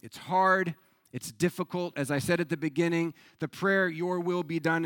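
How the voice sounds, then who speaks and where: Guy preaching, bright tense voice, kinda high, chatty storytelling w/ lots of "right?". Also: no room sound. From United States. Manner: animated storytelling, conversational with rhetorical questions. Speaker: pastor. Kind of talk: sermon.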